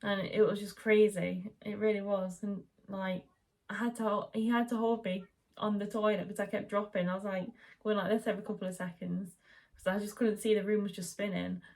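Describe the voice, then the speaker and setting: A woman's voice: medium pitch, fairly quick. A young woman chatting casually at home, telling the story of her labour and birth. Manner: chatty, animated retelling, quoting the midwife in raised voice. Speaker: vlogger.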